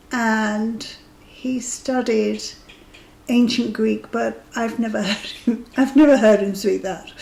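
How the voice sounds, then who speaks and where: A woman's voice: fairly high pitch, gravelly, darkish tone, roomy sound, rough recording. A woman in her fifties telling a dating story in a chatty, amused way, sometimes dropping to a whisper for asides. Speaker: vlogger sharing dating stories. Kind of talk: casual anecdotal storytelling.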